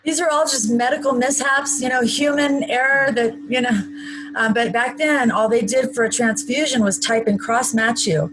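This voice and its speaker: A woman's voice: on the high side, steady tone, normal speed, background noise. A woman being interviewed, recounting a personal story in a chatty, matter-of-fact way with wry asides. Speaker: interview guest.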